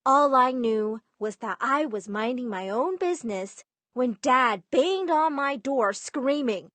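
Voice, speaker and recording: A young woman narrating an animated story in a lively, emphatic way. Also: a little high, measured pace, no echo.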